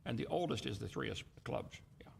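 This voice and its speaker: A man's voice: mid-range voice, animated, quick pace, creaky, a little hiss or hum. A man hosting a call-in show, lecturing in an emphatic, mocking way. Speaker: host. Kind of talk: argumentative call-in commentary.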